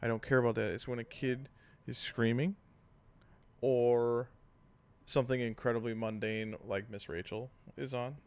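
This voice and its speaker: A man co-hosting a casual podcast, telling lively stories, acting out voices and swearing freely. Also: mid-range voice, moderate pace, clear, resonant tone. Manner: animated storytelling, acts out voices, swears. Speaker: podcast co-host. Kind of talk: casual chat.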